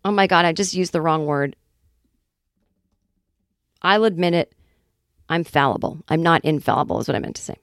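A woman in her forties hosting a comedy podcast, telling a casual monologue in a chatty, wry way with quick acted-out asides. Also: sits low, no room sound, studio quality. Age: 40s. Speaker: podcast host.

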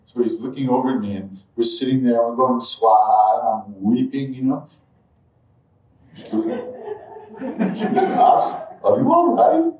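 A man telling a personal spiritual story to an audience in a reflective, halting way, with frequent asides. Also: medium pitch, lo-fi sound. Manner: reflective, halting, many asides like "you know" and "right". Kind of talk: live storytelling talk to an audience. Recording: roomy echo, distant mic.

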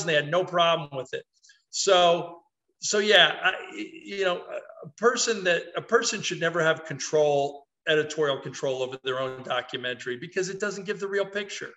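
Animated, bright-voiced sports columnist man. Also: high-pitched, moderate pace. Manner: animated, opinionated, self-deprecating. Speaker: podcast co-host, sports columnist. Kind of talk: casual sports talk.

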